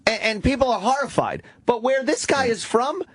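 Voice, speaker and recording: A man's voice: very high-pitched, lively intonation, normal speed, fairly bright tone, no room sound. A middle-aged man, co-hosting a radio talk show in a sarcastic, mocking way. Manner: sarcastic, mocking, puts on silly voices.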